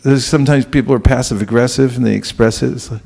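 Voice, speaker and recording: A spiritual teacher lectures a live audience in a conversational way, often putting questions to his listeners. His mid-range voice is steady, warm and creaky, and he speaks fast.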